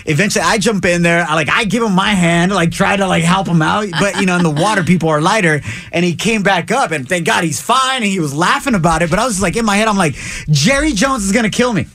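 A man's voice: high-pitched, fast talker, fairly bright tone, dry recording. A man hosting a morning radio show, telling stories in a laid-back, slangy way. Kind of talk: casual morning radio banter. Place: radio studio.

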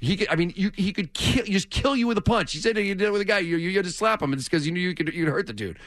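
A man hosting a sports talk radio show, chatty and quick to laugh as he takes calls. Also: high-pitched, lively intonation, fairly bright tone. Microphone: studio mic.

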